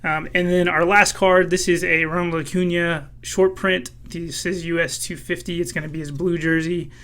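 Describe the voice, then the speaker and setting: Bright-voiced man talking casually on his channel. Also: fairly high pitch, flat delivery, moderate pace. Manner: casual, many fillers. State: losing his voice, clearing throat. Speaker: card collecting channel host. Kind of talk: casual vlog commentary.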